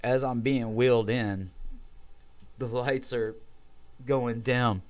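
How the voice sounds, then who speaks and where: A man's voice: medium pitch, slow. A young man, telling a story casually and acting out the voices of the people in it, with some swearing. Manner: animated, acts out quoted voices, swears. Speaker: podcast guest telling a story.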